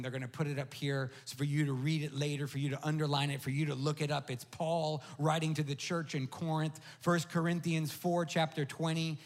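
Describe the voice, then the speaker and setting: Male pastor, high voice, emphatic sermon delivery with lots of repetition. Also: a little fast, few pauses. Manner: animated storytelling, emphatic repetition.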